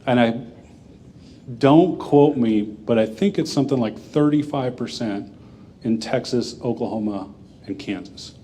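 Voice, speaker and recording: A man answers audience questions after a talk in a plain, conversational way. His voice is warm and mellow at an average pitch. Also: unhurried, slight background noise. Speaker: guest speaker. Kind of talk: Q&A answers at a forum.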